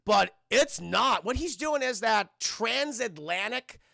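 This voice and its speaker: A male streamer reviewing a film, swearing freely and tossing asides to his chat. His voice sits high with a gravelly, bright edge. The close mic sounds dry. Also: slow pace, dry recording. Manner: profane, animated, keeps addressing chat.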